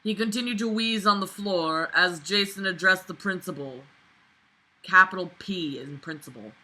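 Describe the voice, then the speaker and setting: Drunk young female host reading a story aloud, bright voice, exasperated and foul-mouthed. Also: lowish voice, moderate pace, low-quality recording. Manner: swearing, mocking, exasperated outbursts. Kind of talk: drunken comedic reading with commentary.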